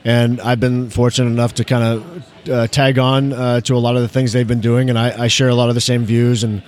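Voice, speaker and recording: A man's voice: mid-range voice, level tone, brisk, a little mellow. Stammering man chatting as a guest. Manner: stammering, repeats words, many fillers. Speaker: emergency physician and guest. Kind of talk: casual interview chat.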